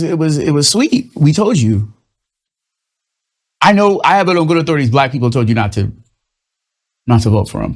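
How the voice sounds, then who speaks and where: A young man hosting his own show, delivering a loose, profane, rambling comedic monologue and slipping into quick mocking voices. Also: fairly high pitch, lively intonation. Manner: loose, profane, rambling storytelling with shifting vocal impressions. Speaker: host of a comedic commentary show.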